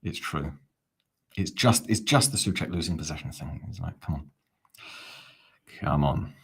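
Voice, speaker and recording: A man's voice: extremely low pitch, measured pace, creaky, husky. A man hosting a live fan watch-along, talking in a chatty, rambling, self-mocking way. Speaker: fan channel host.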